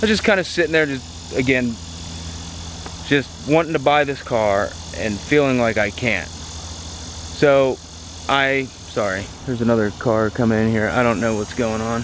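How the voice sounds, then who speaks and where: A man tells a personal story straight to the camera, chatty and excitable, full of "like" and restarts. His voice sits at an ordinary middle pitch, with a faint hiss of noise underneath. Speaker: car vlogger.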